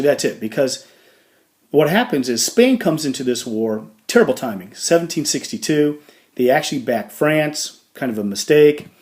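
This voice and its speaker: A man's voice: medium pitch, darkish tone. A man giving a casual history lecture over slides, his voice in a middle register. He talks in a loose, conversational way, with fillers and playful asides. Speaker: history teacher.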